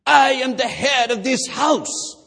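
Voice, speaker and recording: Man playing furious head-of-house dad, booming and shrill, shouted in a big echoey hall. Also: moderate pace. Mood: indignant. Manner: loud, shouting, domineering. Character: overbearing angry middle-aged father, head of house. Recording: long church reverb.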